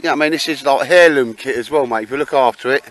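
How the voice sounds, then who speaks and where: A man's voice: medium pitch, fast talker, a bit bright, low-quality recording. A man bantering and joking with friends outdoors at a campsite. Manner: joking, teasing, chatty with lots of "mate" and "sir". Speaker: vlogger. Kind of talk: casual banter.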